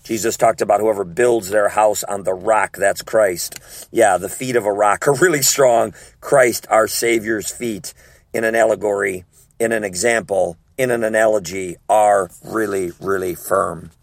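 A man's voice: on the low side, fairly even intonation, a little slow, vocal fry, no echo. A man preaching a sermon in an emphatic teaching manner, repeating key words and often checking in with his listeners. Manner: emphatic, repetitive teaching with frequent check-ins.

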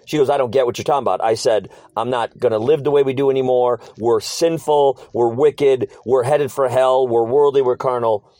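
A man's voice: medium pitch, fairly even intonation, fairly quick, hardly any pauses, dark tone, dry recording. A middle-aged man telling his life story as an interview guest, earnest and casual, acting out old conversations and repeating short phrases.

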